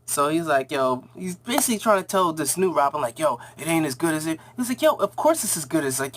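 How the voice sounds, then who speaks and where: A man casually recapping and reviewing a TV episode, rambling in slang and acting out the characters' lines in quick voices. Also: fairly high pitch, big pitch swings, a bit bright, slight background noise.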